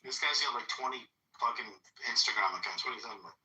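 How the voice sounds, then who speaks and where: A man's voice: mid-range voice, fast, sharp tone, roomy sound. A man in a casual group chat who cuts in with crude, mocking remarks. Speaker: participant in an audio chat room. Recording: dull, distant call audio.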